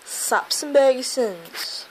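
A sleepy woman rambles to her camera at home, cursing almost every other word. Her delivery is slow and dragging, but her pitch leaps up and down a lot. Faint room noise hums underneath. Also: lively intonation, low-quality recording. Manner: swears constantly, drowsy and grumbling. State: sleepy, just woke up. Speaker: vlogger. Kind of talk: casual rambling vlog. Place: at home by a window.

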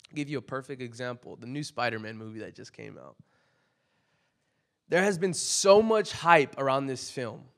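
A young man preaching a casual, conversational sermon, full of "like" fillers, that builds to loud emphatic peaks. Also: medium pitch, very animated, moderate pace, creaky.

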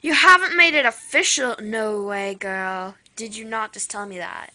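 Nosy teen girl in a put-on British accent, gushing and bright, as a young woman voices her. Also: medium pitch, level tone, measured pace, voice pushed down, natural voice. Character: nosy excitable teenage girl friend. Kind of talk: toy video role-play.

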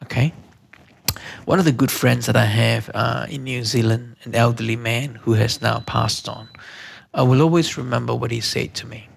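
A man's voice: medium pitch, fairly even intonation, vocal fry, a little hiss or hum. A man teaching a church course lesson, repeating each key question and checking in with "okay?" as he goes. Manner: slow emphatic delivery with hesitant restarts.

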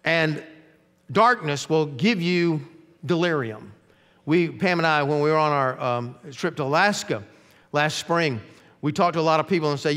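A middle-aged male pastor preaching a sermon, with emphatic rises and quiet, dropped phrase endings. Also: on the high side, normal speed. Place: church sanctuary. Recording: long reverb of a church sanctuary.

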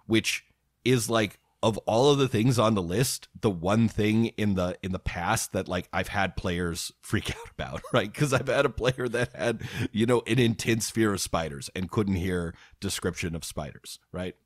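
Low-voiced man hosting a podcast. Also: normal speed, dry recording, studio quality. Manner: thoughtful, many fillers. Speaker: podcast host. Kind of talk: casual chat.

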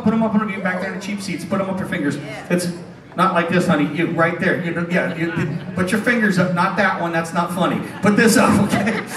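Wisecracking high-voiced man on a casino stage. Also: bright, forceful tone. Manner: wisecracking, teasing the audience, chuckles often. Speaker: stage hypnotist. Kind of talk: comedic stage banter with a live crowd. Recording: echoey hall from a distance.

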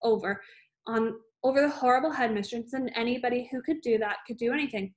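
A woman reads a children's chapter book aloud in a slightly higher voice. The reading is homemade and unpolished, with small stumbles and the odd filler between phrases. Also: a little fast. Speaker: reader.

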